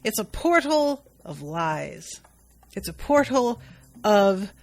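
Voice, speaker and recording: Faint music plays behind a woman with a mid-range voice and big pitch swings, speaking slowly. She hosts a podcast, casually recapping an anime episode with chatty profanity, laughter and asides.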